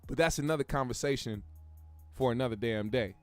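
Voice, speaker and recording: Rambling young man with a smooth voice. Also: medium pitch, a little fast, no echo, soft background music. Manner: profane, rambling, frequent restarts. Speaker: host. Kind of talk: casual pop-culture commentary.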